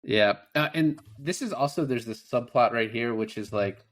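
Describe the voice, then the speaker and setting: A man's voice: mid-range voice, moderate pace. A man co-hosting a podcast, chatting casually about a movie, swearing freely and acting out lines from scenes. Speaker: podcast co-host. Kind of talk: casual film review chat.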